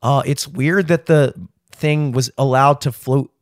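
A man's voice: medium pitch, fairly even intonation, a little slow, no room sound, studio quality. A man ranting with a lot of swearing and emphasis as a guest in a casual podcast chat.

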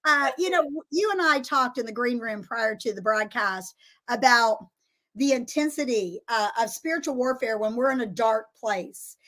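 Casting: bubbly middle-aged woman host, high-voiced, chatty and gushing. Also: moderate pace, fairly bright tone. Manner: enthusiastic, chatty, laughs often. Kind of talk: casual live broadcast interview.

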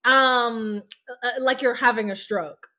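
Casual chat, woman recapping a show, animated and giggly, highish pitch. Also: slow pace. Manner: animated, laughing storyteller.

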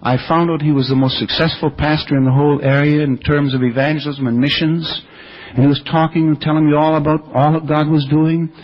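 A man's voice: a little high, little pitch movement, fairly quick. An older man preaching a sermon, earnestly telling revival stories with quoted speech, on an older radio broadcast. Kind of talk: sermon storytelling about revival. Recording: dull lo-fi radio recording.

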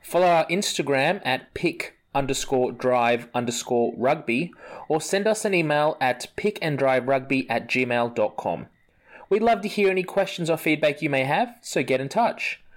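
A man reading a scripted podcast outro in an even announcing manner. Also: mid-range voice, normal speed.

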